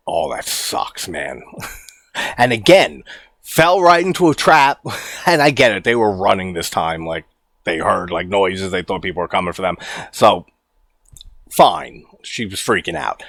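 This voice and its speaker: A man giving a casual, animated movie commentary, incredulous and quick to swear and laugh. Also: low-pitched, dry recording. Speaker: horror movie reviewer.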